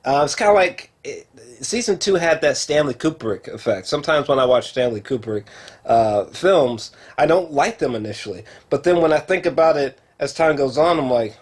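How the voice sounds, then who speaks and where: Here a man reviews a TV show from home in a mid-range voice at normal speed. A film and TV reviewer, he addresses the camera directly, rambling excitably with plenty of swearing and filler words.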